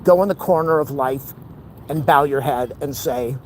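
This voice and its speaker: A man's voice: medium pitch, normal speed, darkish tone. A man, out of breath and sweating, joking to the camera on an outdoor walking vlog. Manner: breathless, self-mocking, playful asides. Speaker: vlogger. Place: outdoors on a city street. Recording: outdoor street noise.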